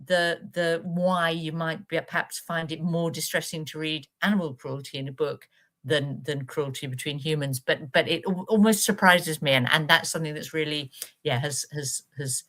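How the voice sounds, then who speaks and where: A woman's voice: low-pitched, fairly even intonation, moderate pace, fairly bright tone. A woman co-hosting a live book club stream, talking casually and hesitantly, with lots of fillers and restarts.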